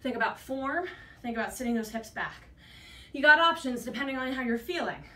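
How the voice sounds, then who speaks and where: Out of breath, a woman coaching a workout class cheers people on and counts their reps as she moves. She speaks high, animated and briskly, with a sharp tone, recorded from afar in a room with echo.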